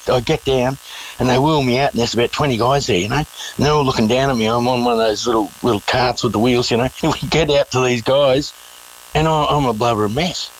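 A man's voice: mid-range voice, fairly quick, slight background noise, rough recording. A middle-aged Australian man telling his story casually, acting out what people said. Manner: animated, acts out quotes, laughs. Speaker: interviewee.

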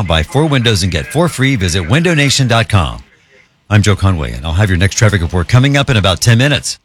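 A man giving a radio traffic report in a rapid, matter-of-fact way. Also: fairly low pitch, fairly bright tone.

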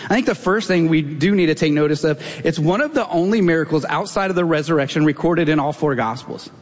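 A man's voice: on the high side, fast talker. A man in his thirties preaching a sermon as a pastor, telling a personal story in a conversational, self-deprecating way. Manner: conversational, self-deprecating, animated when retelling. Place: church sanctuary. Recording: long reverb of a large hall.

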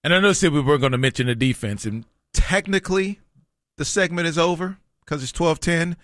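A man's voice: on the high side, a little fast, fairly bright tone, no room sound, studio quality. A man hosting a sports talk radio show, reeling off stats in a chatty way.

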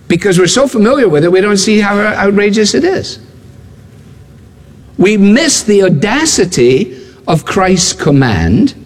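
A man's voice: sits high, long reverb tail. A man preaching a sermon, emphatic and building his points through repeated phrases and rhetorical questions to the congregation. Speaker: pastor.

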